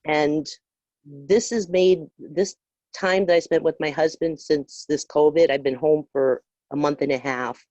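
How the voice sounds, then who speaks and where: A middle-aged woman on a group call sharing a personal story, earnest and emotional, halting with fillers. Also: low voice, fairly even intonation, darkish tone, no echo, highs cut off. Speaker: call participant. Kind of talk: personal testimony.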